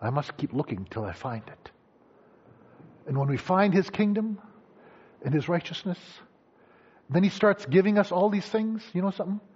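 A man's voice: sits high, normal speed, long pauses, breathy edge. A man preaching a sermon, acting out voices of people he quotes. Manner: animated, acts out quoted voices. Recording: dull lo-fi sound.

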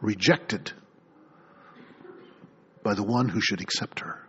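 This middle-aged pastor has a lowish voice and a slow delivery, with a little hiss or hum in the background. He preaches animatedly, reading scripture and performing the voices of its figures, and the recording is dull and lo-fi.

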